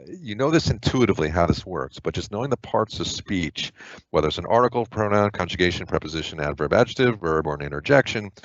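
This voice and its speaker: Deep-voiced casual male tutor. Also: dry recording, muffled recording. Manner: chatty and informal, with filler words and quick asides. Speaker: test prep tutor. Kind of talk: casual explanatory lesson.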